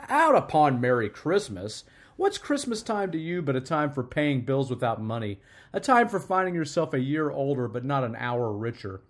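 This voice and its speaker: A man voicing Scrooge, a grumpy, miserly old man, who speaks loudly and indignantly in a storybook reading. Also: mid-range voice, natural voice.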